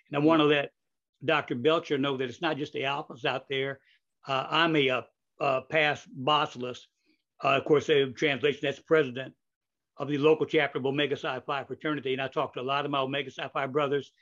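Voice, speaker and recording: A man's voice: medium pitch, creaky, fairly bright tone. An older man hosting a podcast interview in casual chat, rambling with many fillers, restarts and asides. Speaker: podcast host. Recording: dull lo-fi audio.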